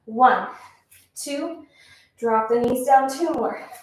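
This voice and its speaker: Slow-cueing woman in an echoey room. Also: high voice. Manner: encouraging counting cues. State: out of breath. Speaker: pilates instructor. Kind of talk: workout instruction. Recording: echoey room, mic at a distance.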